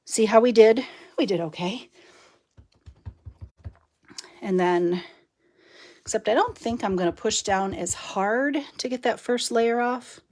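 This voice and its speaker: A woman's voice: a little high, a little slow, a little mellow. Middle-aged woman, live craft demo host, easygoing and chatty, laughs between steps. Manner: chatty, laughs often, talks while working. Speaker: card-making demonstrator.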